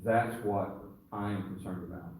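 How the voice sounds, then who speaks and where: A man's voice: lowish voice, moderate pace, a little mellow. A middle-aged man, a karate instructor, speaks earnestly and reflectively to his class in a dojo. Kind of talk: addressing a class. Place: dojo, indoors. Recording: echoey hall from far off.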